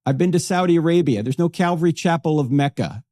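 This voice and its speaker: A man's voice: a little high, lively intonation, fast, dark tone, no echo, studio quality. A man guest author answering with wry anecdotes in an interview. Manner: wry storyteller.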